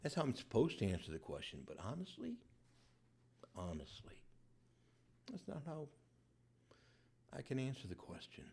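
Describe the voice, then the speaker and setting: A man voicing a remorseful grown man who confesses in a hushed, halting, half-whispered voice. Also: medium pitch, wildly swooping pitch, breathy edge, exaggerated voice. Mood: struggling.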